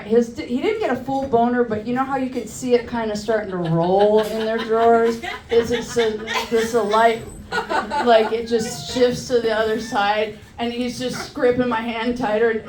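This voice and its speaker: Crude storytelling woman comic, high voice. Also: echoey room, background noise. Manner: crude, loose storytelling with crowd work. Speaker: stand-up comedian. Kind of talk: stand-up comedy set.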